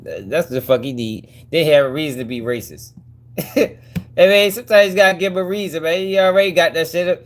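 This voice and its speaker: A man's voice: a little high, fairly quick. A man hosting a commentary channel, reacting to clips in a mocking, profane way with frequent laughs.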